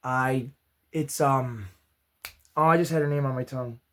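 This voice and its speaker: A man hosting his own movie review channel, chatty and upbeat with self-deprecating asides, his voice going hoarse. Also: medium pitch, normal speed, fairly bright tone. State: losing his voice. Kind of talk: casual spoken movie review.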